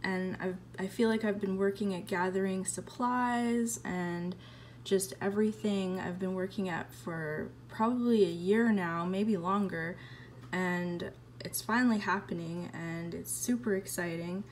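A woman artist chatting casually in a home vlog, excitable and full of fillers, recorded on a phone in an apartment. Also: medium pitch, a little slow, a little hiss or hum, rough recording. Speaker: artist vlogger.

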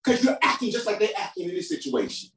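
A man preaching a sermon as pastor, calling for responses from the congregation and swinging between shouted emphasis and quiet, low asides. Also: sing-song, fast. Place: church hall. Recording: roomy hall sound from a distant mic.

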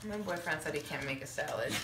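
A woman telling a casual story, fast and offhand. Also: deep voice, fairly bright tone. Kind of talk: casual chat.

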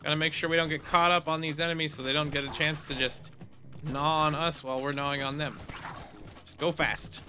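A man's voice: a little high, level tone, a little fast, pushed and bright, a little hiss or hum. A man casually commenting on a game he is playing, reading the on-screen text aloud and adding playful hums and silly sound effects. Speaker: gamer playing through a game. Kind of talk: casual let's play commentary.

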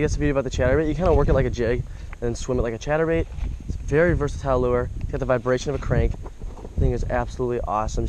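A man's voice: medium pitch, background noise. A young man vlogging his fishing trip outdoors by a creek, talking into an action camera and exclaiming over each catch. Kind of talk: casual outdoor commentary.

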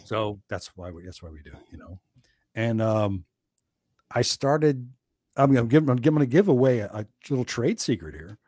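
Animated man telling stories on a podcast. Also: medium pitch, normal speed, breathy edge, no echo. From New Jersey. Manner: animated storyteller, acts out quotes. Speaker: podcast guest. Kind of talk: casual podcast chat.

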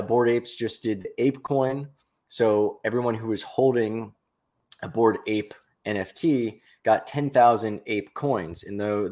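A man's voice: fairly low pitch, darkish tone. Rambling jokey male podcast co-host. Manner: rambling, jokey, self-correcting. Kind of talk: casual chat.

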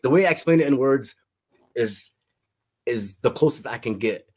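A man with a husky, breathy voice tells an emotional personal story. He stumbles, repeats words and restarts his sentences as he searches for the right way to say things. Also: mid-range voice. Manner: halting, repeats himself, restarts phrases. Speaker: testimony guest.

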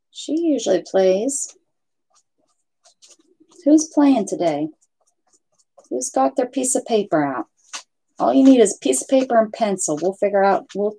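A woman's voice: medium pitch, mellow, husky. A woman hosting a casual craft livestream from home, chatting and rambling to viewers and her pets. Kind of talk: casual live chat with viewers.

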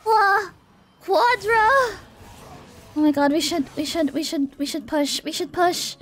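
Young female streamer, high-pitched, chatty and excitable live commentary, faint music behind. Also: normal speed. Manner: excitable, chatty, pleading under pressure.

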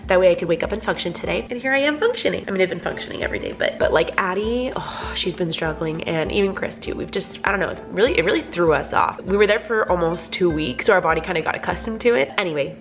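A woman in her twenties chatting casually in a home vlog, hushed at times and upbeat at others. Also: fairly low pitch, expressive, quick pace, hardly any pauses, music in the background. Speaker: family vlogger. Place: home kitchen, indoors.

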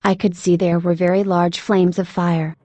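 A woman's voice: fairly low pitch, level tone, moderate pace, dark tone, no room sound, highs cut off. Earnest woman narrating a testimony. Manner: earnest, emotional storytelling. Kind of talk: scripted narration.

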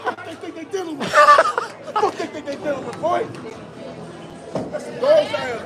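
High-voiced man hyping bowlers in a loud crowd. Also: animated, unhurried, heavy background noise. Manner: hype, profane, teasing. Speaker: bowling spectator. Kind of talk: rowdy cheering and trash talk. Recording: loud crowd at bowling alley.

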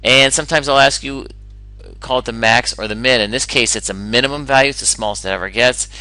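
Male math teacher, bright and sharp tone, dry close recording, upbeat step-by-step explainer. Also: mid-range voice, fast, no echo, low-quality recording.

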